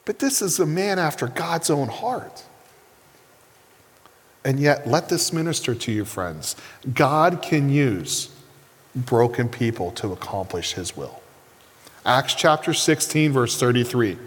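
A man preaching a sermon as pastor, animated and asking his listeners rhetorical questions. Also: mid-range voice, takes it slowly, pauses often, in a large hall.

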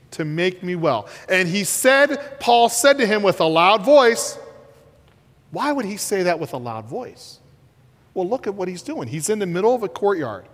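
A man preaching a sermon on a headset mic, swinging between shouts and near-whispers as he acts out the story. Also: sits high. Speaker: pastor. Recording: reverberant hall.

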